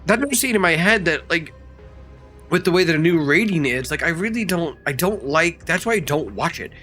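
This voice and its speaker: A man's voice: on the high side, animated, moderate pace, sharp tone, soft background music. A young man co-hosting a casual podcast who chats loosely, laughs often and backs up his co-host's remarks. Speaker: podcast co-host.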